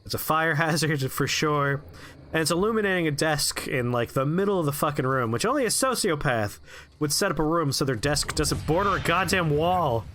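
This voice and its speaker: A male streamer chatting through a game session, telling a story with plenty of swearing. His voice is bright and on the higher side, swinging lively up and down. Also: moderate pace, slight background noise. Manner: animated, profane, chatty.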